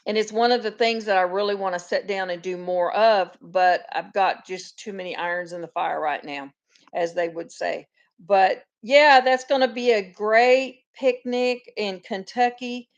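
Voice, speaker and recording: A woman's voice: medium pitch, fairly even intonation, measured pace, highs cut off. A woman hosting a casual live chat, telling long rambling stories and greeting viewers by name. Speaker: host of a live farm chat.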